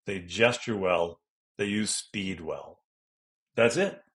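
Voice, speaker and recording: A middle-aged man, an educational consultant, answering interview questions in an animated way and acting out classroom examples. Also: sits low, slow pace. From Denver, Colorado.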